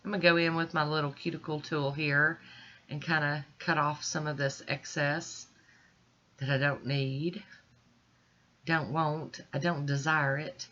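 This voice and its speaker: Stuffy-nosed chatty woman, bright voice. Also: deep voice, muffled recording. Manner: chatty and reassuring, speaks directly to viewers. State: stuffy, congested sinuses with throat clearing. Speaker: nail art vlogger. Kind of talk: casual step-by-step tutorial narration.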